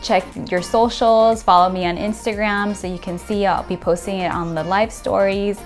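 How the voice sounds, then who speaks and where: A woman hosting her own cooking channel from a home kitchen, speaking in a chatty, gushing way. Her voice sits at an ordinary middle pitch for a woman. Soft background music plays under her talk. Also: fairly even intonation, normal speed, few pauses. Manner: effusive and chatty, lots of "like" and "you know"; gushing and grateful toward viewers. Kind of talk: casual cooking vlog sign-off.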